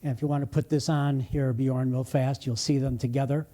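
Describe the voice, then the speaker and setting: An older man hosting a bookshop interview, speaking haltingly and filling his pauses with many hesitations. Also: mid-range voice, flat delivery, warm tone. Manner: halting, frequent "uh" fillers. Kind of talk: conversational interview.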